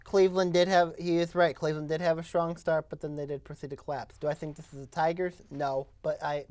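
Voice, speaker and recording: A middle-aged woman on a casual sports talk show, talking in a sassy, animated way. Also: sits low. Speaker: panelist.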